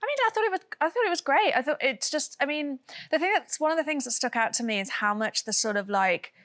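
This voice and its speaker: A woman's voice: high voice, animated, fast, a bit bright. A woman co-host in casual chat, hesitant and searching for words, with many "sort of" and "like".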